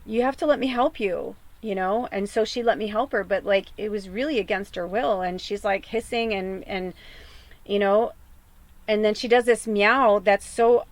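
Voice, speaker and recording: A woman's voice: medium pitch, fairly even intonation, normal speed, dry recording. A woman podcast host and medium venting in a raw, tearful personal monologue, swearing often.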